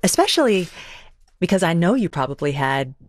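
A woman interviewer asking measured, reflective questions. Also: on the low side, very animated, dry recording.

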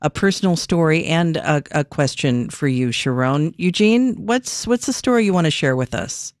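Gentle call-in radio host. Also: medium pitch, expressive, moderate pace, no room sound, studio quality.

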